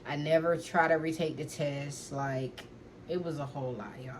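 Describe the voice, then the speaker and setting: A woman's voice: low voice, fairly even intonation, moderate pace, a little hiss or hum. A young adult woman telling a personal story to her viewers in a casual, chatty way, full of fillers and asides to her audience. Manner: earnest, lecturing when giving advice.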